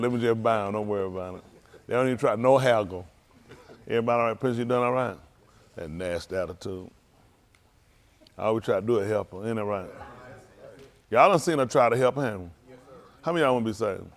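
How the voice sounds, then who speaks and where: A man's voice: medium pitch, creaky. Folksy preacher man joking with the congregation. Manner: folksy, joking, calls out to the crowd. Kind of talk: casual sermon banter with the congregation.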